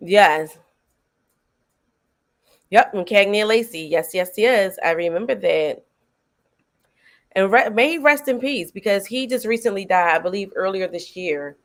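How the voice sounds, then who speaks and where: A woman hosting a film reaction show, chatting casually and excitably, laughing often and using slang. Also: mid-range voice, unhurried, long pauses.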